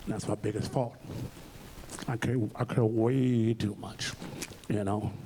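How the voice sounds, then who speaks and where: A man's voice: on the low side, steady tone, slow, noisy background. A man being interviewed on stage at a library event, speaking bluntly and emphatically and swearing freely. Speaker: interview guest.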